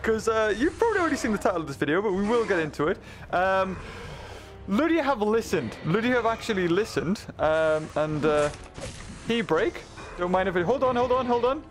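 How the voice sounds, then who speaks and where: A man with a high, bouncy voice that leaps all over the place chats excitedly through his gameplay, laughing often. He talks from his home desk into a microphone run through a mixer. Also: a little fast. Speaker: gaming video creator. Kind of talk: casual let's-play commentary.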